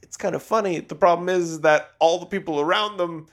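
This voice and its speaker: A young man co-hosting a podcast in casual chat, animated, laughing often and slipping into silly voices when he quotes people. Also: high voice, a little fast. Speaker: podcast co-host.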